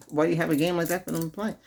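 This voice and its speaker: A man's voice: fairly high pitch, vocal fry, a little mellow, slight background noise. A man hosting a Reiki video, giving casual spoken advice to viewers, chuckling often and repeating himself. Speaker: Reiki ASMR host.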